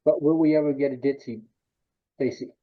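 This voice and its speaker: Male interviewer, husky and slightly high; blunt, provocative questions; muffled lo-fi audio. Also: steady tone, brisk.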